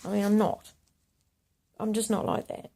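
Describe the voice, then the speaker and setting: Woman, video blogger, rambling monologue, heavy vocal fry, husky tone, slips into whispers. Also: medium pitch, flat delivery, moderate pace. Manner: rambling, often drops to a hushed whisper.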